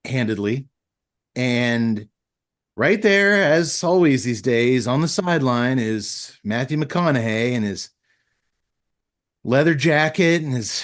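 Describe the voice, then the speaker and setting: A man hosting a casual podcast, telling stories with a joking, deadpan manner. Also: mid-range voice. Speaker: podcast host.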